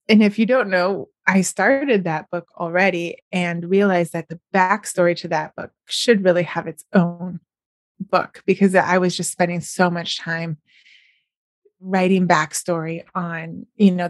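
A middle-aged woman talks on her own podcast in a chatty, upbeat way, with a smile you can hear. Her voice sits low for a woman. The sound is close and dry, with no room around it. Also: dry recording. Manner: chatty and upbeat, often smiling and laughing. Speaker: podcast host and novelist. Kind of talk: casual solo podcast chat.

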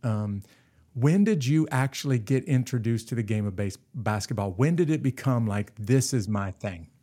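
A male host with a voice of middle pitch interviews a guest in a casual, friendly way. He keeps the talk moving with quick yeahs and wows, then sets up longer questions about leadership. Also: expressive, dark tone. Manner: friendly, encouraging, backchannels often. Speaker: podcast host, leadership teacher.

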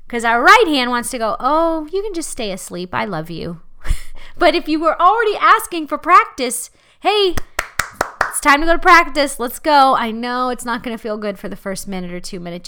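A woman preaching a sermon in a lively, conversational way, laughing as she talks. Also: fairly high pitch, clear, resonant tone.

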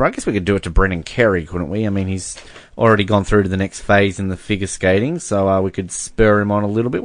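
A man's voice: lowish voice, fairly bright tone, no echo. A man co-hosting a podcast in casual chat, who laughs often while reading messages aloud. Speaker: podcast co-host.

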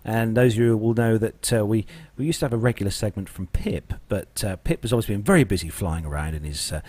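Lively podcast co-host. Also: male voice, on the low side, fast talker, slightly rough, no room sound. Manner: enthusiastic, laughs easily. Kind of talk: casual chat.

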